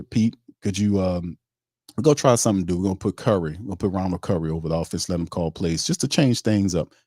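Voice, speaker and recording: A blunt male sports host, talking in a very low voice as he rants about his team. His speech is casual and full of slang, with a cuss word now and then, and he stops to read comments from his viewers. It sounds close and dry, with no room echo. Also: a little mellow. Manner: reads viewer chat comments aloud.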